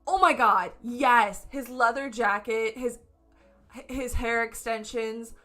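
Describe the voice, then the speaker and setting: A woman's voice: a little high, slow pace, bright, forceful tone, faint music behind. A woman streaming from home, reviewing a concert in a casual, gushing way and swearing freely. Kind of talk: casual excited review chat. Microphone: camera setup at home.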